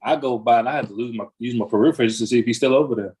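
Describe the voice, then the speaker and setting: A man co-hosting a podcast, chatting casually in an animated way and laughing often. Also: medium pitch, very fast. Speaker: podcast co-host. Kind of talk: casual chat.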